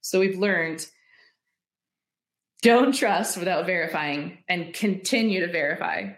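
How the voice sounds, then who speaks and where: A woman's voice: lowish voice, a little slow, roomy sound. A woman guest entrepreneur telling candid stories in an interview, acting out quoted dialogue and laughing often.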